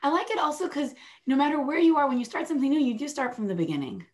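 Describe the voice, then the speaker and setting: A woman hosting a podcast interview, chatty and lively, breaking in with quick asides and questions. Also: high voice. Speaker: podcast host.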